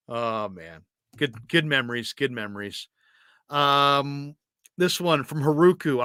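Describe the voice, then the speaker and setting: A man hosting a sports talk show, telling animated stories in casual chat. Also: medium pitch, takes it slowly, smooth, no room sound, studio quality. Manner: animated storyteller, does impressions. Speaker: sports radio host.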